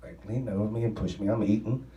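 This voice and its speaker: A man's voice: lowish voice, fast, muffled recording. Man spinning a wild tale, roomy and distant. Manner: profane, excitable storytelling. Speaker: interviewee telling a story. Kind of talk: rambling anecdote. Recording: roomy sound from a distant mic.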